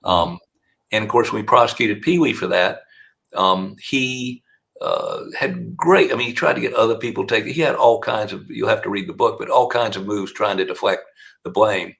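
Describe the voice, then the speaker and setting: A man's voice: fairly low pitch, moderate pace. An older man with a Southern accent, a defense attorney telling long courtroom stories as an interview guest. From South Carolina. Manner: gravelly, animated storyteller. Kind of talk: storytelling interview answers.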